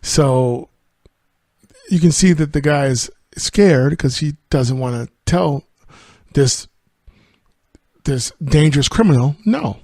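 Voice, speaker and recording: A man's voice: fairly high pitch, expressive, takes it slowly, a little mellow, dry recording, clean studio sound. A man hosting a podcast, casually retelling and reviewing a film in a rambling way. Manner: rambling, with fillers and laughs. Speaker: podcast host.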